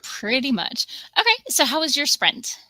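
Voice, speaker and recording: A chatty woman hosts a relaxed livestream from her home desk, bright and forceful in tone. The sound is close and dry. She is playful and now and then drops into a quiet aside. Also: sits high, normal speed, no room sound, rough recording. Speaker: stream host. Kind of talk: casual chat.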